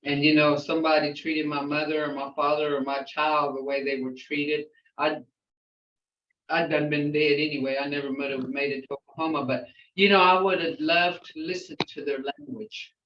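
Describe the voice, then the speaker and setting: An older woman, a language teacher, slowly repeating words so her class can hear how they are pronounced, and talking in an outspoken way. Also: low voice, little pitch movement. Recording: roomy, distant, dull lo-fi sound.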